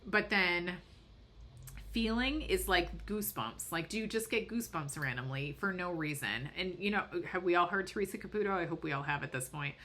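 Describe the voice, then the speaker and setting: A woman talks through spiritual ideas as a podcast host. Her voice sits a little low yet sounds bright and forceful, with earnest, rambling explanations full of fillers. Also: normal speed. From Boston. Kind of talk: casual spiritual podcast talk.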